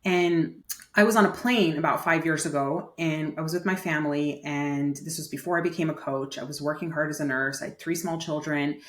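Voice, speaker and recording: Guest nurse coach, woman in her thirties, lower-pitched, chatty with lots of fillers, recorded in an echoey room. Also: steady tone, a little fast, a bit bright. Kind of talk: casual interview storytelling. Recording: roomy echo.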